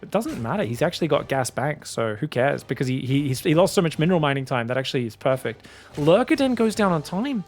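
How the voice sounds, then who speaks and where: A man casting a strategy game match solo, excitable and chatty, often calling out to his viewers. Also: on the high side, quick pace, soft background music. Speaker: esports caster.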